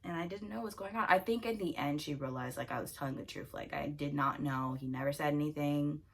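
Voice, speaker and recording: A young woman in her twenties telling a story in a chatty, animated way, often laughing. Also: deep voice, quick pace, breathy edge. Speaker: vlogger. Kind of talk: casual storytime chat.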